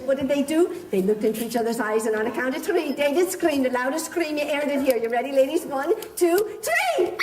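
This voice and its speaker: High playful woman telling a pirate tale. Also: background noise. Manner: playful, theatrical, coaxing, with pet names. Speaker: storyteller leading children's pirate play. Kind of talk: interactive storytelling with children. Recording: echoey room, picked up from a distance.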